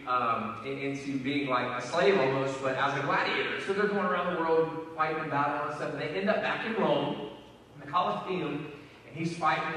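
A man's voice: fairly high pitch, bright, forceful tone, a little hiss or hum. A man preaching a sermon in a conversational, emphatic way, often repeating his words as he builds up. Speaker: pastor. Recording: echoey hall from far off.

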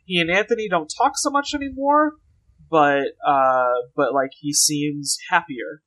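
A man's voice: fairly high pitch, unhurried, sharp tone. Rambling, joking man recapping a show. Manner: rambling, joking, many fillers. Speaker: podcast co-host. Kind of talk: casual comedic recap.

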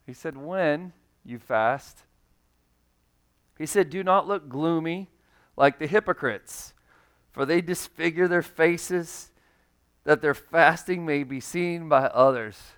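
A man's voice: on the high side, slow pace, long pauses, a bit bright, smooth. Man preaching a conversational sermon. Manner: conversational, acts out quoted voices. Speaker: pastor.

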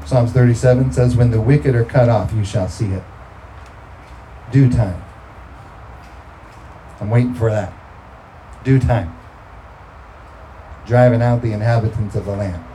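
A man's voice: medium pitch, unhurried, pauses often, dark tone, a little hiss or hum, low-quality recording. A man preaching a sermon, talking through scripture in a conversational way and breaking into emphatic bursts.

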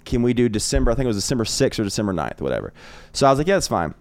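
A man's voice: medium pitch, big pitch swings, no room sound. A man guesting on a casual podcast, telling rambling anecdotes with lots of swearing. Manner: rapid, rambling anecdotes with frequent profanity. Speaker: guest comedian. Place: home podcast room.

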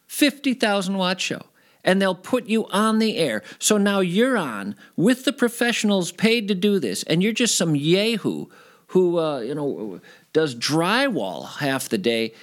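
Middle-aged man, guest in a casual interview, lively storyteller with a wide pitch range. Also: a little slow. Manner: animated, rising to high excited retellings.

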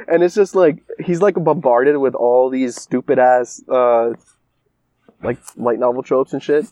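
A man's voice: fairly high pitch, fairly even intonation, normal speed, mellow, dry recording. Young man, casual, rambling and profane, dry close mic. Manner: rambling, profane, lots of filler "like". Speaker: friend recapping a story. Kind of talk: casual chat.

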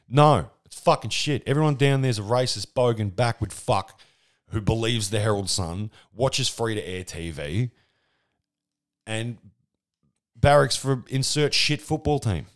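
An Australian man hosts a solo podcast, speaking straight into the mic from a plain room at home. He rants with constant swearing and sardonic asides, stumbling and restarting as he goes. His voice sits at an ordinary middle pitch. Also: measured pace. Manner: profane, rambling, sardonic, restarts a lot. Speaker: podcast host. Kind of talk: solo ranting monologue. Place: room at home with white wall. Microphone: podcast microphone.

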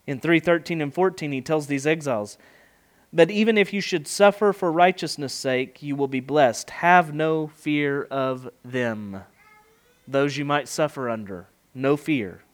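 Brief: middle-aged male preacher, rather high voice, emphatic, rhetorical, verse-by-verse sermon. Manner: emphatic, rising and falling delivery with rhetorical questions. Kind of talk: expository sermon.

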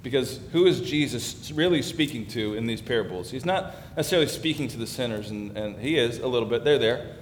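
A man's voice: animated, a little fast, hardly any pauses. Man preaching in an echoey hall. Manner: conversational, emphatic preaching that builds in force. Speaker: pastor. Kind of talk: sermon. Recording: echoey hall with faint background rumble.

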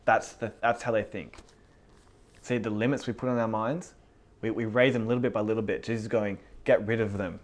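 Animated man teaching the Bible. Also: on the low side, brisk. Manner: animated, laughs often, reads scripture then comments. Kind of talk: casual Bible teaching, reading verses aloud.

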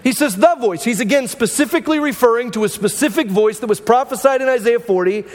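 A man's voice: very high-pitched, fast talker, big-room sound. A man pastor preaching a conversational sermon to his church, often asking "right?" to the congregation. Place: church sanctuary.

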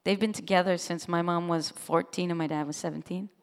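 Woman, musician guest, expressive, low-ish voice, long reverb. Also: brisk. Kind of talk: interview conversation.

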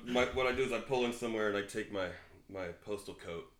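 A low-pitched man talks in a relaxed way as a guest co-host, laughing often between anecdotes. His voice rings in an echoey room. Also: quick pace, background noise. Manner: easygoing, laughs a lot, tells anecdotes. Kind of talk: casual chat.

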